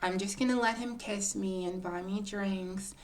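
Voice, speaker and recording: A woman telling a personal story to her viewers in a casual, confiding storytime, often calling her listeners "girl" and building drama with pauses. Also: medium pitch, steady tone, a little hiss or hum. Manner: chatty, confiding, keeps addressing listeners as "girl".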